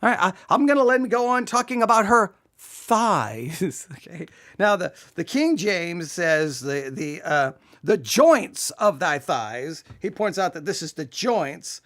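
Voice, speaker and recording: A commentator picks apart a sermon with open sarcasm and disbelief, keeping a straight face only with effort. The voice rises and falls widely in pitch. It is recorded close and dry, with no room sound. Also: expressive, measured pace, fairly bright tone, no room sound. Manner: sarcastic, incredulous, half-laughing. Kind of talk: mocking commentary.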